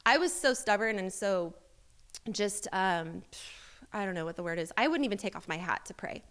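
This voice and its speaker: Woman, testimony speaker, candid self-deprecating storyteller, medium pitch, halting with fillers. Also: animated, fairly bright tone, clear, resonant tone. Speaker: church member sharing testimony. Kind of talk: personal testimony.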